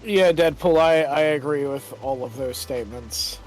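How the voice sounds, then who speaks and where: A man's voice: fairly high pitch, normal speed, faint music behind, poor audio. Man in loose, profane stream chat. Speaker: streamer host. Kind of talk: casual game-stream chat.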